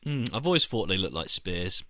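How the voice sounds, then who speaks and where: A man's voice: sits low, very animated, moderate pace, bright, forceful tone, dry recording. A British man co-hosting a casual podcast, playful and enthusiastic with jokey asides. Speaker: podcast co-host. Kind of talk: casual chat.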